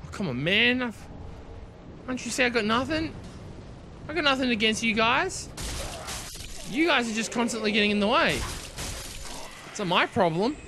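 A young man commentating his own gameplay, excitable, swearing and yelping at what happens on screen. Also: extremely high pitch, normal speed, long pauses, noisy background. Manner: excitable, swears and yelps at the game. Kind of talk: let's play commentary.

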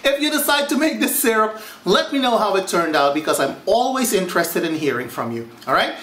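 A man from Suriname hosting a cooking vlog, chatting to viewers as "you guys" with big swings in pitch. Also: sing-song, fairly quick, a bit bright. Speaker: cooking show host.

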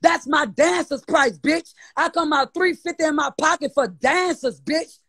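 Brief: high-pitched New Orleans bounce guest, defiant and cursing, mocking tone. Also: moderate pace, sharp tone, no room sound. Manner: profane, defiant, mocking, repeats insults. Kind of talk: heated live-stream rant.

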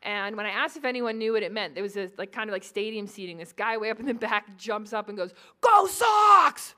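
A woman in her forties from New England, a psychology professor lecturing at a conference with lively, joking asides to the audience. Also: mid-range voice, quick pace. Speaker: psychology professor giving a talk.

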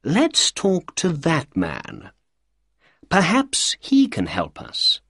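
A man's voice: fairly high pitch, huge pitch swings, extremely slow, a bit bright, breathy edge, dry recording, clean studio sound, voice pushed up, heavily acted. Sherlock Holmes, read by a man, self-assured. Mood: confident. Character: confident male detective, clever and brisk.

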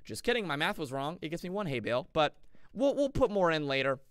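A young male gaming streamer with a higher voice and a clean tone talks quickly, giving goofy, playful live commentary on his game. He jokes with chat, excitable and shifting in energy.

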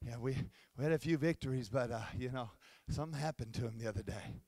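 A pastor voicing a sheepish, beaten little male imp who mumbles nervously in a hushed voice. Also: mid-range voice, fast talker, no echo, pitched below the performer's own voice, close to an everyday voice.

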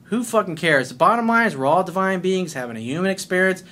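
A middle-aged man with a somewhat high-pitched voice speaks in a blunt, combative monologue. He swears freely and hammers his points home with emphatic, confrontational delivery. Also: lively intonation, fast talker, sharp tone. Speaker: life coach.

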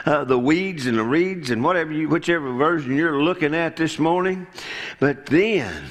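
A man's voice: on the high side, fairly bright tone. A man preaching a folksy sermon in a church, telling the story and acting out the characters' lines. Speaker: pastor. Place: church sanctuary.

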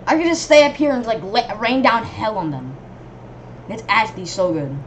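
A fairly high, very animated female voice jumps all over her range as she narrates her gameplay and shrieks when enemies swarm her. Her delivery is casual and rambling, with a faint hiss of noise underneath. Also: normal speed. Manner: excitable, yelps and shrieks at enemies; rambling running reactions to the game. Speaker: gamer.

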